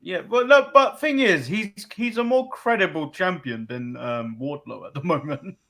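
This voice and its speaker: A man's voice: on the high side, lively intonation, normal speed, gravelly, pushed and bright. A man from England co-hosting a casual wrestling recap show, dry and dismissive as he recaps. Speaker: podcast co-host.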